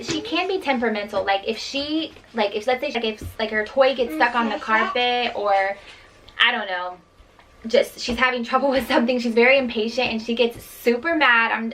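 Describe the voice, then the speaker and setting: A woman's voice: on the high side, a bit bright, recorded from a distance, a little hiss or hum, low-quality recording. A young woman chatting casually about her toddler as a mom vlogger, with lots of fillers. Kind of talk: casual chat.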